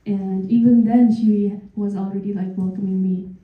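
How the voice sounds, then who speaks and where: A woman's voice: mid-range voice, steady tone, normal speed. A woman from Nepal giving a hesitant tribute to a friend. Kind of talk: casual speech. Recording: phone-like echoey sound.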